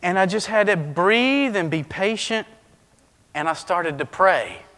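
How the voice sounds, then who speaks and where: Man, preacher, lively sermon, acts out stories, high voice, echoing hall. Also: a little slow. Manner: animated, acts out scenes with shifting voice.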